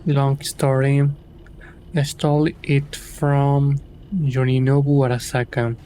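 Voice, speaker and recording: A man whose native language is Spanish, giving casual gameplay commentary and reading game lines aloud haltingly, with a Spanish-speaking accent. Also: mid-range voice, little pitch movement, dark tone, a little hiss or hum. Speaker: gamer streamer.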